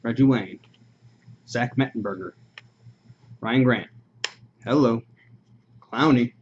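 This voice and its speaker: A man's voice: medium pitch, takes it slowly. Man rattling off names on a muffled stream. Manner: rattles off player names, offhand asides. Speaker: card break host. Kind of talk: casual live-stream chat. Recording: muffled stream audio with noise.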